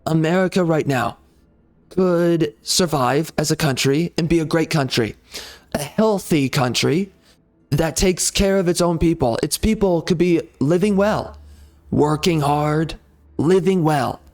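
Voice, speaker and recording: A man's voice: a little high, measured pace, a little mellow. A man ranting heatedly over gameplay, swearing and repeating himself as he argues. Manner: heated, profane, repetitive ranting. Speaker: gaming channel host.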